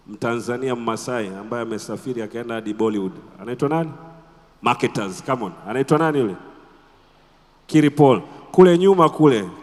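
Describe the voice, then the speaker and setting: A man with a Tanzanian accent giving a conference talk as a radio presenter, animated and quizzing the audience with rhetorical questions. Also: lowish voice, long reverb tail. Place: conference hall.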